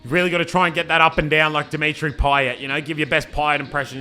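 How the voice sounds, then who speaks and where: A man's voice: a little high, fast, soft background music. A man with an Australian accent giving casual, bantering play-by-play commentary over his own team's match footage. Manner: laid-back banter, says "man" a lot, excitable on attacks.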